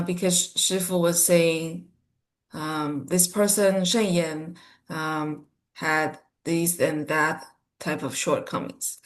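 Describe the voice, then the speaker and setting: A woman interpreting a monk's talk into English over a video call, halting with many ums and restarts. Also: on the low side. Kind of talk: consecutive interpreting of a dharma talk.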